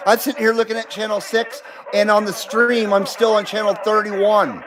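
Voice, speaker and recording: A man's voice: sits high, flat delivery, normal speed. A man running a live CB radio stream at home, talking bluntly, swearing freely and laughing often. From Nevada, USA. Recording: radio static hiss behind the voice.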